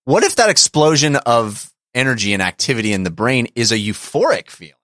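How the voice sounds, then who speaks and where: A man's voice: medium pitch, very animated, a little fast, fairly bright tone, no room sound, clean studio sound. A man co-hosting a podcast, talking in a playful, joking way with frequent laughter. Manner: playful, jokey, laughs often. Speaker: podcast co-host. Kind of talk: casual chat.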